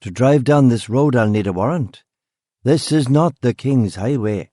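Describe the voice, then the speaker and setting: A man's voice: medium pitch, lively intonation, a little slow, warm tone, no echo, studio quality. A male narrator voicing a grizzled old country gamekeeper in an audiobook, blunt and insistent with a rural Northern Irish accent. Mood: stubborn.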